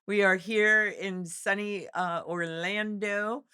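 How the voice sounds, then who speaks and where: A woman's voice: mid-range voice, steady tone, slow pace, pushed and bright, smooth, no room sound, studio quality. A woman co-hosting a casual podcast, upbeat and talking straight to her listeners, her voice worn from talking all week. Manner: upbeat, talks to listeners directly. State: losing her voice. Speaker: podcast co-host. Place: hotel event venue.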